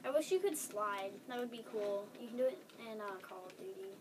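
A woman chatting casually while playing a video game with a friend, excitable and quick to exclaim. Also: mid-range voice, distant mic, background noise. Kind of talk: casual let's-play chat.

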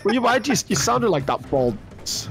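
Excitable man, slightly high voice. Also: brisk, crowd noise. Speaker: gamer. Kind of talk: casual gaming banter. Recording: game music underneath.

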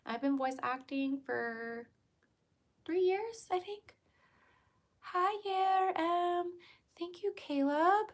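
A woman's voice: very high-pitched, takes it slowly, long pauses. A young adult woman hosting a livestream, chatting casually, giggling and answering her chat. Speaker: livestream host.

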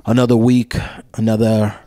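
A man's voice: fairly low pitch, level tone, moderate pace, mellow. A man co-hosting a sports podcast, slangy and laughing in casual banter. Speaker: podcast co-host.

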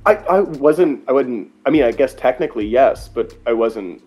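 Young dude telling a wild story, lots of likes and ums, music faint in back. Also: male voice, mid-range voice, normal speed. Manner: rambling, filler-heavy, animated retelling. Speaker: interview guest, folk singer. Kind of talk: casual storytelling.

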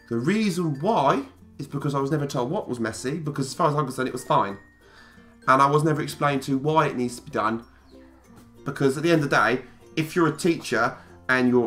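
A man's voice: mid-range voice, fairly bright tone. A man talking straight to camera in a casual vlog, emphatic and repeating phrases to drive his point home. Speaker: YouTuber.

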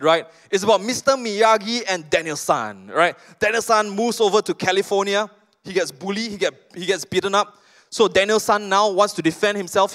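A Malaysian-accented male pastor preaches with a high voice. He tells stories animatedly and slips in casual side remarks. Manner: animated storytelling with casual asides. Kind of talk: sermon.

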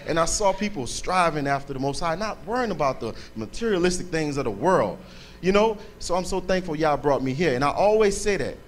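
A man's voice: a little high, lively intonation, brisk, slight background noise. A man giving a fervent, thankful testimony at a church service, speaking emphatically to the congregation.

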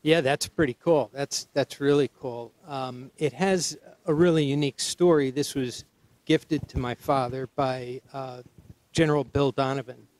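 A man's voice: mid-range voice, fairly even intonation, measured pace, a little mellow, low-quality recording. Hesitant man from Connecticut. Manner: hesitant, many ums and restarts. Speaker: guest with collectibles. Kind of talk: casual storytelling.

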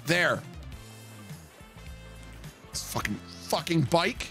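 Brief: male streamer, exasperated and profane, laughs at himself, lively pitch, unhurried. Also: soft background music. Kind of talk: roleplay gaming stream.

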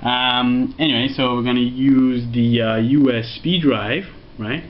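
A man's voice: medium pitch, fairly even intonation, unhurried, a little hiss or hum. A man walking through a casual tech tutorial, rambling and joking, sometimes putting on mock voices for what the computer says. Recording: dull lo-fi home recording with faint music.

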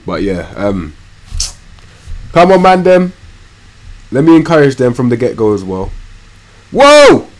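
Young lad, gaming streamer, slangy chat, very lively pitch, mumbles then yells. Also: male voice. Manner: slangy, animated, swings from mumbled asides to loud outbursts. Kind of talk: live gameplay commentary.

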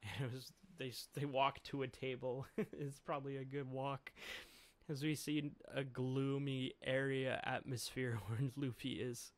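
A man's voice: mid-range voice, level tone, a little slow, no room sound. Chuckling man recapping a comic chapter. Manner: chuckles often, trails off and restarts. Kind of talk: casual chapter recap with put-on voices.

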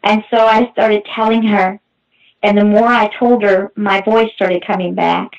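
A middle-aged woman giving a halting, emotional personal testimony as a guest, with many restarts. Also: mid-range voice, flat delivery, gravelly. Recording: muffled distant mic.

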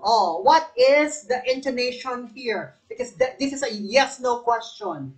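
A woman's voice: high voice, animated, a little slow, poor audio. A Filipino woman coaching a live exam review, quizzing viewers, repeating each question and calling on them by name, sometimes switching into Tagalog. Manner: switches between English and Tagalog.

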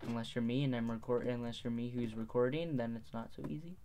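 A man's voice: medium pitch, fast talker, warm tone, a little hiss or hum. A teenage boy giving gameplay commentary, rambling, muttering to himself and correcting his words. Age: teens. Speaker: gaming video host.

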